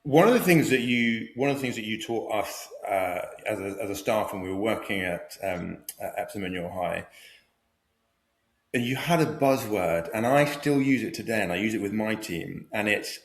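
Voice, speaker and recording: A man co-hosting a podcast interview, talking in an animated, self-mocking way. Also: lowish voice, moderate pace, reverberant. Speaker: podcast co-host.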